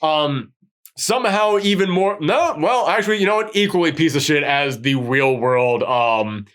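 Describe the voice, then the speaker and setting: A chatty man reviewing a horror movie in a loose, rambling way, his voice sitting a little high for a man. He breaks into gruff put-on voices to act out scenes, then slides back into easy talk. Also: moderate pace. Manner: rambling, animated, acts out quotes in a gruff voice. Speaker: podcast host. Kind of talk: casual movie review chat.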